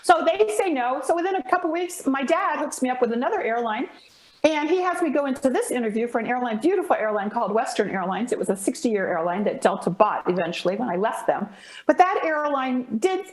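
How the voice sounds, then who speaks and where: Lively high-voiced woman telling a story. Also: echoey room. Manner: lively and dramatic, acting out voices in her story. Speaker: guest. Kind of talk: animated storytelling in a podcast chat.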